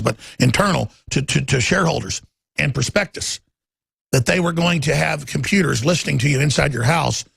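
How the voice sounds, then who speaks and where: A middle-aged male talk radio host in full heated rant, stumbling over repeated words as he pushes on. His voice is gravelly and husky, sitting a little high, and the studio sound is dry and close. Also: fairly bright tone, dry recording. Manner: ranting, repeats words, acts out quotes in raised voices. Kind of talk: heated political monologue.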